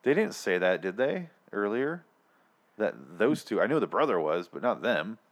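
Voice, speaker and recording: A man's voice: fairly low pitch, normal speed. A man hosting a casual podcast chat, retelling a scene with lots of swearing and laughter. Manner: profane, laughing, animated storytelling. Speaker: podcast host.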